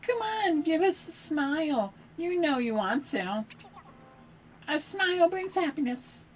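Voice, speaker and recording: Cheery old granny voice by a woman, slow sweet sing-song, high and lively, faint music behind.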